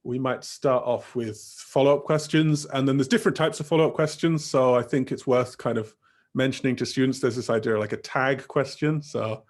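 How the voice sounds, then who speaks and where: A man's voice: medium pitch, fairly even intonation, fairly quick. A young man giving a teacher-training talk over a video call, casual and rambling with many fillers. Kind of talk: online workshop talk.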